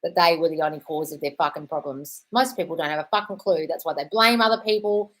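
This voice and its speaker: British woman, young adult, live Q&A host, blunt, quick, lowish voice. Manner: blunt, swears freely, calls listeners darling. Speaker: host answering viewer questions. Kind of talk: casual live-stream Q&A.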